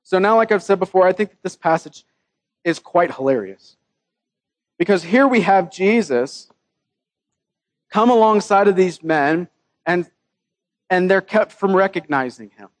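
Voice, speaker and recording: Joking, high-voiced male preacher. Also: lively intonation, unhurried, pauses often, dry recording. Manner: casual and joking, reads scripture aloud. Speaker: pastor. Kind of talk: sermon.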